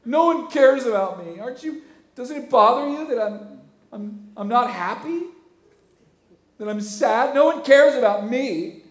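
A man with a hoarse voice playing a sulking, self-pitying king who whines that no one cares about him. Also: extremely high pitch, lively intonation, unhurried, pitched above the performer's own voice, exaggerated voice. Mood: whiny. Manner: whiny, petulant, loud. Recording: echoey church hall.

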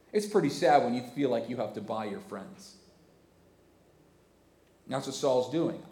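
A male pastor with a hoarse, cracking voice preaching a sermon, animated and conversational, with many rhetorical questions. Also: mid-range voice, unhurried, long pauses. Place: church. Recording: echoey church hall.

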